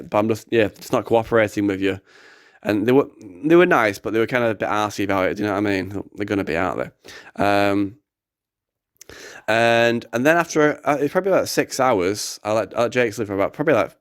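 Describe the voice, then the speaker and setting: A young man with an animated, rambling manner, telling a story casually on a podcast. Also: medium pitch, clean tone, no room sound, clean studio sound. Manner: animated, excitable, rambling with fillers. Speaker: activist podcast host.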